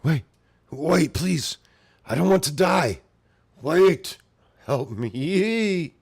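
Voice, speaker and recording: A man doing a shrill, begging snake monster. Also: lively intonation, extremely slow, creaky, husky, exaggerated voice. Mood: desperate pleading. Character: monstrous male snake apostle, terrified and pleading.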